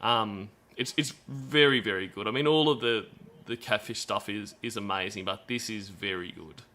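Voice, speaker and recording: A man's voice: fairly low pitch, moderate pace, sharp tone. A man with an Australian accent hosting a stream, chatting casually in a self-deprecating way with lots of restarts. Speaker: stream host. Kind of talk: casual commentary chat.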